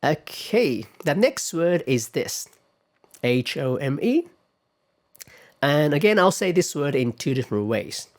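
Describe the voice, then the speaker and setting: Man lecturing, pausing on okay. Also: on the high side, very animated. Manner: measured, often pausing with "okay" and "all right"; models sample words aloud. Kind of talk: classroom lecture on pronunciation.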